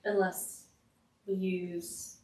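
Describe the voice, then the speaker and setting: A woman playing a tabletop game, giggly and self-deprecating, turning low and secretive in character scenes. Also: flat delivery, drawn-out words, darkish tone. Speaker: player. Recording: roomy and distant with faint noise.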